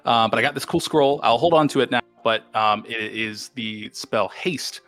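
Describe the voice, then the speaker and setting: A man playing his character in a tabletop game, rambling and halting with many fillers. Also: mid-range voice, fairly bright tone. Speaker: player. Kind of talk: in-character tabletop role-play.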